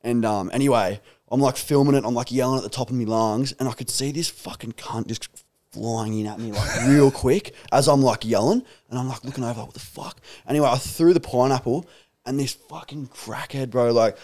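A man's voice: medium pitch, brisk, a little mellow. A young Australian man telling a story in casual podcast chat, swearing and laughing often. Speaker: podcast regular.

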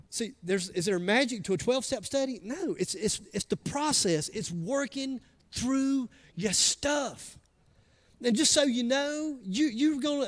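A man preaching a conversational, emphatic sermon to a church congregation, often acting out what people say. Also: high-pitched. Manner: conversational, emphatic, acts out quoted voices. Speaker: pastor. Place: church sanctuary.

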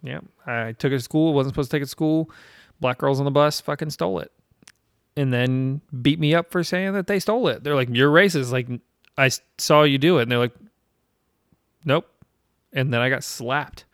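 A man's voice: mid-range voice, normal speed, long pauses, smooth, no echo, clean studio sound. Profane, rambling man in his thirties. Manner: rambling and profane, with self-deprecating laughs. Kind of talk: casual storytelling chat.

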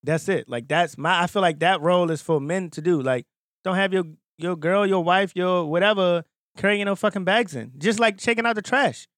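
A man's voice: high voice, moderate pace, a bit bright, dry recording, studio quality. A man co-hosting a podcast in casual chat, blunt and emphatic with plenty of profanity. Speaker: podcast co-host.

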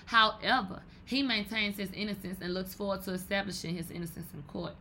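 Woman, podcast host, bright and forceful tone, loose profane commentary with sudden loud outbursts. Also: medium pitch, a little fast, slight background noise. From Texas. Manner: animated, profane, bursts into loud exclamations. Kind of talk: casual commentary.

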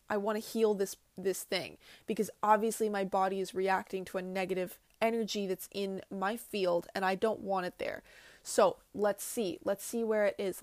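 A spiritual wellness vlogger, a woman with a medium-pitched voice, speaks casually and earnestly to camera about healing and self-love. She addresses her viewers directly and often repeats her points. The recording is dry and studio quality.

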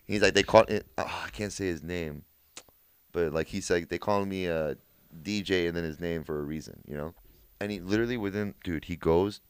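A man's voice: low voice, fairly bright tone, smooth, no echo. A man in his twenties, a podcast co-host, telling a story casually among friends, laughing often and swearing, with lots of filler words.

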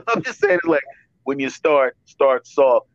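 A man's voice: mid-range voice, big pitch swings, takes it slowly, no room sound. Fifty-something guy rambling through a story, lots of restarts, dull dry mic. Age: 50s. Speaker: podcast host. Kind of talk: casual podcast chat.

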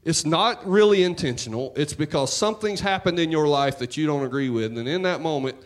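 A man preaching a sermon in church, talking to the congregation in a conversational, joking way and swinging between loud and hushed. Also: on the high side, brisk. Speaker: pastor.

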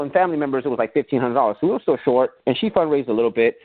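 A man's voice: medium pitch, very fast, no room sound. A man telling stories as a podcast guest, animatedly acting out remembered conversations in a casual interview. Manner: animated storyteller who acts out remembered conversations. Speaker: podcast guest, business owner. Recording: tinny phone-like sound, dry.

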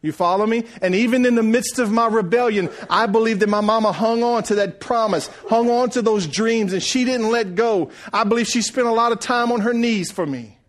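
A middle-aged man preaching a sermon, rising loud and then dropping to a hush. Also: high voice, a little fast, few pauses. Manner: preaching, swells loud then drops to hushed. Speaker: pastor.

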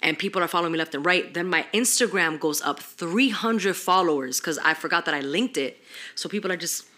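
With a fairly low voice and a slightly fast pace, a young female podcast host spins animated stories in casual conversation, loaded with slang and heavy swearing.

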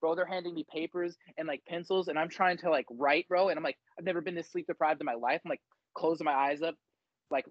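Animated young man telling stories. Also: fairly high pitch, fast talker, dry recording, lo-fi sound. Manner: animated storytelling, acts out shouted quotes. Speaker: podcast co-host. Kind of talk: casual chat.

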